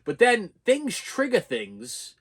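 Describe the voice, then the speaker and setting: A man's voice: high voice, huge pitch swings, takes it slowly, fairly bright tone, husky. A man in his fifties giving a raw, emotional personal rant to camera, full of stammering restarts and repeated phrases. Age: 50s. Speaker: vlogger.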